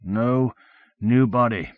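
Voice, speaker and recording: A man voicing a gravely injured, blind man who speaks faintly in halting bits of a few words. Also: mid-range voice, narrow, tinny audio, pitched above the performer's own voice, natural voice. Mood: weak.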